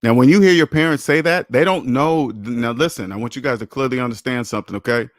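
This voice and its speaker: A man's voice: medium pitch, quick pace, no echo, studio quality. A man hosting a live finance Q&A, lecturing bluntly, swearing for emphasis and repeating his points. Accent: American English. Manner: repeats himself, rises sharply when mocking. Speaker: personal finance show host. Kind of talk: live Q&A stream, answering chat.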